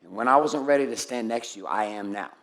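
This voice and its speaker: A man's voice: medium pitch, fast, fairly bright tone, reverberant. A man giving a blunt, profane and intense motivational speech to his group, calling on people by name. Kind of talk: live motivational speech to an audience.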